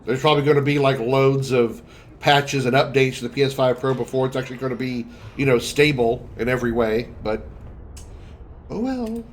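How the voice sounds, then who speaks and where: A man livestreaming a video game, chatting casually and making wry remarks to his viewers. His voice sits at a middling pitch. There is a faint noise in the background. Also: moderate pace. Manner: wry, chatty, talks to chat.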